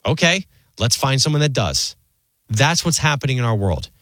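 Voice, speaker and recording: A man in his forties hosting a talk radio show, speaking in an animated, conversational monologue full of rhetorical questions. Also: mid-range voice, normal speed, no room sound.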